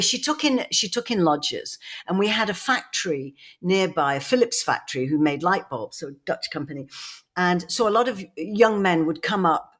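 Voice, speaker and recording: A chatty woman co-hosting a podcast, wandering through long anecdotes with frequent laughs. Her voice sits fairly low for a woman. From England. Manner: rambling anecdotes, laughing, many restarts and "you know". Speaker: podcast co-host. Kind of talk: casual storytelling chat.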